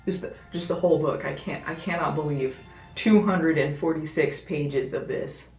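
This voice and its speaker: A woman's voice: deep voice, normal speed, a little mellow. A woman reviewing a novel in a sarcastic, exasperated comic rant, stumbling over restarts. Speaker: video reviewer. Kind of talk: comedic book review. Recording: echoey room with faint music.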